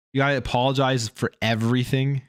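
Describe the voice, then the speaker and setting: A man's voice: mid-range voice, clean tone, no echo, studio quality. A Canadian man with a Canadian accent hosting a casual livestream, rambling and thinking aloud as he chats with viewers, tired after a long workday. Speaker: gaming channel host.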